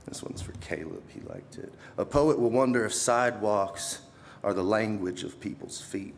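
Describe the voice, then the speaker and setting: Young male student poet, low register, faint hiss behind; casual asides, dramatic swells in the verse. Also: normal speed. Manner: casual between poems, swells dramatically while reciting. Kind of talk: live poetry reading.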